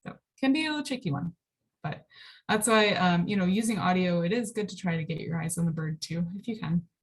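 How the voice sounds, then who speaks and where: A woman with a slightly low voice gives an easygoing presentation over a video call. She talks loosely, filling her pauses with ums and likes. The pace is conversational, like an informal class. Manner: relaxed, frequent ums and likes. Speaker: birding presenter. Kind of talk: casual online slide lecture.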